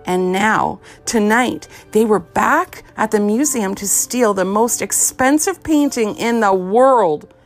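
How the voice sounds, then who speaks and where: A woman narrating a children's storybook aloud with expressive, lively storytelling. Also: medium pitch, slow pace, hardly any pauses, soft background music. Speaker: audiobook narrator.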